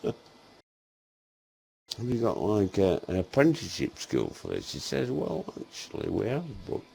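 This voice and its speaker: Older man, gravelly and very animated, telling a foul-mouthed comic anecdote and doing all the voices himself. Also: fairly low pitch, unhurried. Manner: swears constantly, acts out both sides of dialogue, laughs often.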